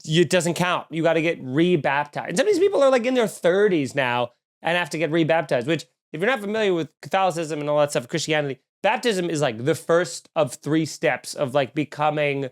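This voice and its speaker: A man hosting a comedy podcast, ranting in a snarky, profane, animated way. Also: on the high side, fairly quick. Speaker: podcast host.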